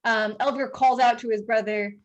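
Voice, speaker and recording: A woman's voice: fairly high pitch, fairly even intonation, moderate pace, lo-fi sound. A woman narrating a tabletop game as dungeon master, rambling with many fillers and frequent giggles.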